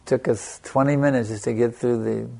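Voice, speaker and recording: Gravelly man preaching, emphatic. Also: mid-range voice, steady tone, normal speed. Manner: lets "you see" drop off quietly after points; emphatic, repeating phrases for stress. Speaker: spiritual teacher. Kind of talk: sermon.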